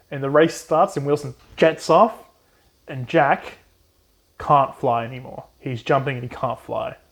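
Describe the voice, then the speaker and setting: A young man co-hosting a casual book recap, swearing freely and quickly acting out the characters in put-on voices. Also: mid-range voice. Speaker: podcast co-host.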